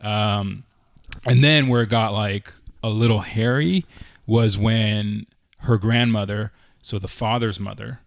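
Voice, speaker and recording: A Canadian man co-hosting a podcast tells a rambling story, leaning heavily on "like" and "I'm like" in casual chat. His voice sits on the low side with a steady tone, slow delivery, and vocal fry, and the recording has no room sound.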